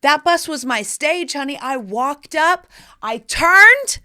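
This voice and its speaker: Her high voice is lively in intonation, unhurried and a bit bright as this woman in her forties hosts her own podcast. It's a casual solo monologue, sassy and theatrical, with the listener called "honey."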